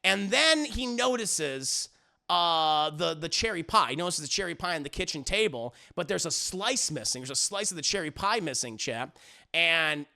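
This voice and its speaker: Male reviewer, gravelly and bright, casual profane recap, acts out every line. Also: on the high side, animated, normal speed. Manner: rambling, profane, acts out the lines. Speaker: music reviewer.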